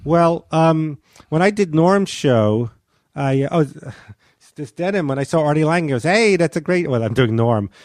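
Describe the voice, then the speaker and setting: A male comedian guest wanders through an anecdote, stalling and starting over with a wry, self-deprecating air. His voice sits a touch high and sounds dry and close. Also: lively intonation, a little mellow, no room sound. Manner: rambling, halting, self-deprecating. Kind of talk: casual podcast storytelling.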